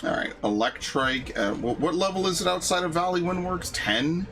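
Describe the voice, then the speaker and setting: Over game music, a man streams a video game and rants in a casual, profane, grumbling way. He's a gaming streamer doing live commentary, with a high-pitched, fairly bright voice, lively intonation and normal speed.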